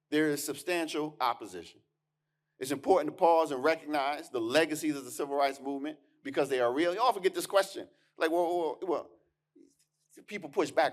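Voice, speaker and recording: A man giving a keynote lecture as a historian, emphatic and conversational, with punchy asides and words repeated as he restarts. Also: high voice. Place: lecture hall.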